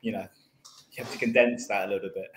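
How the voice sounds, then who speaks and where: A man's voice: fairly low pitch, steady tone, fast talker. A man on a casual football panel, talking chummily and rambling, calling people mate, on a roomy recording with a faint background hum. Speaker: panelist, Millwall fan.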